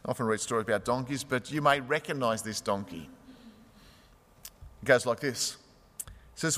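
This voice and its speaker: A man's voice: mid-range voice, moderate pace, long pauses, fairly bright tone, long reverb tail. A male pastor delivering an earnest, storytelling sermon to his congregation.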